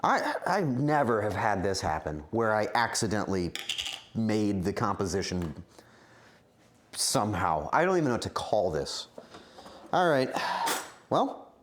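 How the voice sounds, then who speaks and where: Very animated yet measured in pace, this low-voiced man cooks at home on a live stream, a little hiss or hum audible. He rambles to his chat, teases himself, and bursts into exaggerated outrage.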